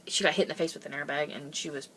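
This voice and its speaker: A young woman vlogging, telling a family story in a lively casual way, laughing often and acting out the quoted voices. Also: low voice, racing, slight background noise.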